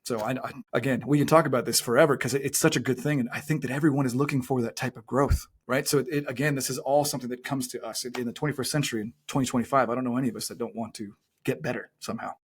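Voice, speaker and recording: Fast-talking husky male coach. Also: mid-range voice, fairly even intonation. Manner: earnest, motivational, stresses key phrases slowly. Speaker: guest business coach. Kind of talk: podcast conversation.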